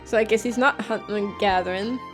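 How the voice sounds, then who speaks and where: A woman trading dry, teasing remarks while co-hosting a game playthrough. Her pitch is middling for a woman, and soft music plays faintly beneath. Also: a little fast. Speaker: let's play co-commentator. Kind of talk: casual gameplay commentary.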